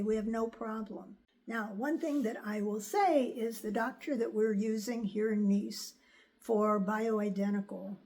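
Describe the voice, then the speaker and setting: An older woman from the United States, candidly telling a personal story to her viewers in a chatty way. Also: fairly high pitch. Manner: chatty, animated when quoting others. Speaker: vlogger.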